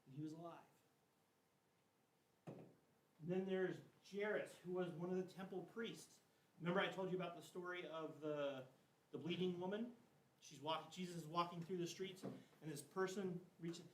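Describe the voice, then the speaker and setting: A man's voice: sits high, fairly even intonation, normal speed, long pauses. A man teaching a confirmation class, retelling Bible stories in a loose, chatty way full of "like" and slang. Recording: echoey room, mic at a distance, faint hiss.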